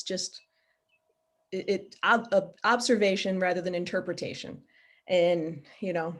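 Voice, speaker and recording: A woman guest on a video call, explaining animal behaviour in an earnest, practical way. She talks plainly and illustrates her points with everyday examples, in a voice of middle pitch. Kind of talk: casual video call interview.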